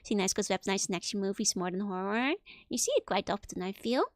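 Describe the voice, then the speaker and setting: A woman's voice: medium pitch, fast, no room sound. A woman streamer giving casual, chatty game commentary into a close microphone, with frequent little giggles.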